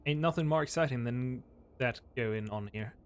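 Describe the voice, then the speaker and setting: A man's voice: medium pitch, moderate pace, natural voice. A man voicing a weary old cowboy who talks in a folksy drawl, reading game dialogue aloud.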